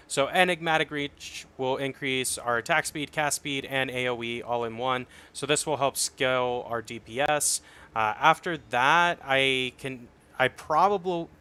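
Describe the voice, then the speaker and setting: A young man casually explaining his game build on a livestream, swearing and getting excited once the fights start. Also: mid-range voice, clean tone. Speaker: streamer. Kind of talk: casual gameplay commentary.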